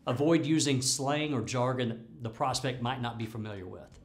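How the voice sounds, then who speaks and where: A man's voice: mid-range voice, moderate pace. A man teaching sales technique as a trainer, coaching and laying out tips point by point. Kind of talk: instructional talk on sales technique. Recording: faint background music.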